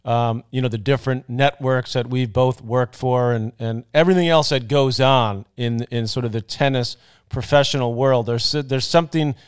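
A man's voice: mid-range voice, fairly even intonation, normal speed, smooth. A man from New York hosting a podcast, telling stories and reminiscing in a casual interview. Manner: storytelling, reminiscing. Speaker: podcast host.

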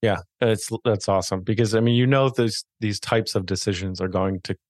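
A man's voice: lowish voice, fairly even intonation, fairly quick, a little mellow, dry recording, clean studio sound. A man hosting a podcast, chatting casually and rambling with restarts. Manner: friendly, rambling, with many restarts and fillers. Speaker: podcast host. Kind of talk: casual interview chat.

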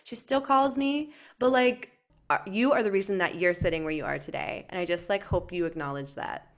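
A woman's voice: lowish voice, fairly quick. A young woman co-hosting a podcast, chatting casually in an affectionate, emotional way and saying "like" often. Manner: warm, affectionate, emotional, peppered with "like". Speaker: podcast co-host.

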